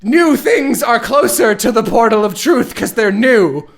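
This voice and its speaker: A man voicing a smug, scheming immortal woman villain in a mocking, shrill, sing-song tone. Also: lively intonation, measured pace, creaky, heavily acted.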